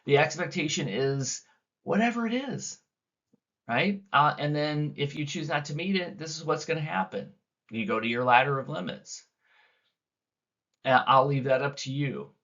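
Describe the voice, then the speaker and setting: A man leading a teacher training session, talking to an audience of teachers and acting out quoted dialogue with big swings in pitch and loudness. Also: moderate pace. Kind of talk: recorded teacher training talk. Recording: dull lo-fi recording.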